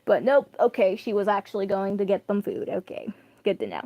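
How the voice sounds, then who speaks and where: A woman's voice: mid-range voice, fairly quick, warm tone, no echo. A young woman chatting casually and rambling while reading a story aloud on stream. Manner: rambling, self-deprecating, bursts of laughter.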